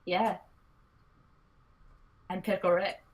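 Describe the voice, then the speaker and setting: A woman's voice: fairly low pitch, level tone, extremely slow, a little hiss or hum, poor audio. A woman friend on a live stream making laid-back small talk about the games she plays. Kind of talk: casual chat.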